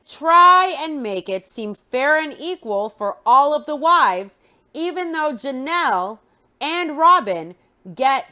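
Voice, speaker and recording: A woman's voice: high-pitched, bright, forceful tone. A woman recapping a reality show, opinionated and sarcastic in her commentary.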